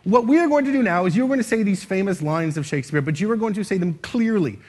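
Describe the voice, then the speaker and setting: On stage before a live audience, a man runs a playful speaking exercise, acting out different ways to say lines and shifting his voice to demonstrate expression. His voice sits high with a darkish tone, lively intonation and a quick pace.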